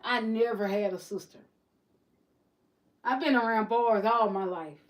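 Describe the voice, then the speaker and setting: High-voiced woman chatting candidly. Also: unhurried, low-quality recording. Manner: candid and rambling, with many restarts. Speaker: livestream host, beauty business. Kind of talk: casual livestream chat.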